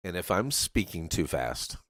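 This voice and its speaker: Man, deep voice, dry sound, chatty livestream host, rambling jokes, greets viewers by name. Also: very animated, a little slow, fairly bright tone, no echo. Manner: joking, chatty, talks straight to viewers by name. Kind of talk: casual rambling chat.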